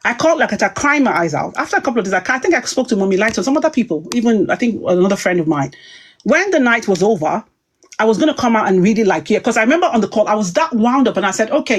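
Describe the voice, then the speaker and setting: A woman's voice: medium pitch, sing-song, fast, slightly rough. A woman giving a heated personal monologue on a live stream, emphatic and repetitive, restarting her sentences. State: upset.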